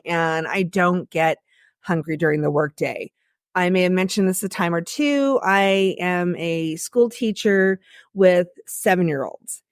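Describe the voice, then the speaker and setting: A woman's voice: fairly low pitch, dry recording. Chatty woman podcast co-host, dry sound. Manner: chatty, laughs often. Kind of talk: casual chat.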